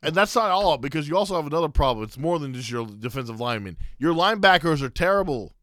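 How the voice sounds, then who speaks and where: A man co-hosting a sports podcast, explaining and defending his takes in casual debate with halting restarts. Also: fairly high pitch, animated, a bit bright, dry recording, clean studio sound. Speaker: podcast co-host.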